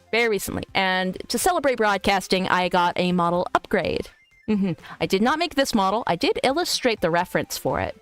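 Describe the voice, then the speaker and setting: A woman streaming as a VTuber, chatting loosely with her viewers and answering their messages out loud. Her voice is smooth and clean, pitched in a middle range, and she swears freely between jokes and teasing. Faint music plays behind her. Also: no echo. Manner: crude, joking, teasing. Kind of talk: casual live-stream chat, reading viewer messages aloud.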